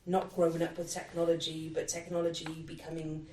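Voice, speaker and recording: A woman's voice: low-pitched, monotone, fairly quick, darkish tone, slight background noise. A woman in her thirties from the UK, speaking reflectively in a casual podcast panel discussion. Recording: roomy, distant mic.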